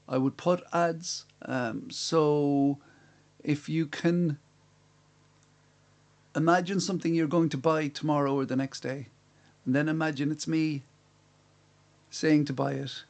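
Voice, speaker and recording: A man's voice: a little high, steady tone, takes it slowly, pauses often, darkish tone. A man hosting a live-streamed quiz from home, reading out questions and answers with chatty, self-mocking asides. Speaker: quiz host. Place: room at home.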